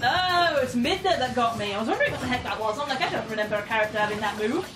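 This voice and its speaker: A woman giving excitable, giggly let's-play commentary, often shouting at the game. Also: on the high side, racing. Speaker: gamer. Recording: echoey room, distant mic, game music.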